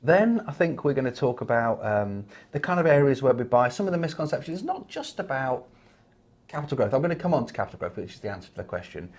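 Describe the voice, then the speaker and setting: English guy chatting about property, rambles and repeats himself, mid pitch. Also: big pitch swings, quick pace, a little mellow. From England. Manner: rambling, repeats words and restarts, storytelling. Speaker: property investment podcast co-host. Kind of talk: casual chat.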